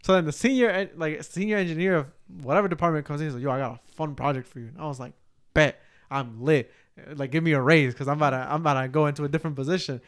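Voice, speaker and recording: Young male podcast co-host, rapid slangy storyteller, smooth slightly high voice. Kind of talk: casual chat.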